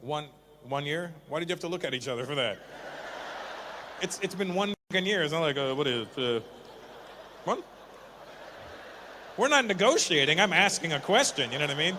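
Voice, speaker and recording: A man's voice: a little high, animated, bright, forceful tone, slight background noise. Teasing stand-up comic man. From Canada. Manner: teasing, quick back-and-forth with audience. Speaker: stand-up comedian. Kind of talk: stand-up crowd work.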